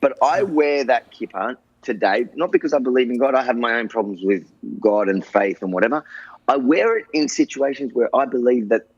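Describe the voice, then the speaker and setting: Aussie guy on a video call, husky voice, rambly and earnest, dull muffled audio. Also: mid-range voice, lively intonation, fairly quick. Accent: Australian. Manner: earnest, rambling, many restarts. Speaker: interview guest. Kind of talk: casual interview chat.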